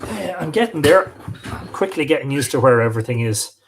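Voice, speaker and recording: A man's voice: fairly high pitch, lively intonation, fairly quick, slight background noise. A man hosting a live stream, reading passages from books aloud and breaking off for casual asides. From Ireland. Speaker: host.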